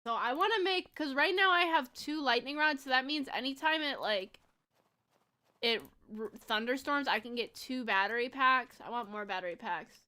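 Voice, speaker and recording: A woman's voice: high voice, normal speed, pushed and bright. A woman in her twenties chatting casually on a gaming livestream, bubbly and giggly, rambling with lots of fillers. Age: 20s. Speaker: streamer.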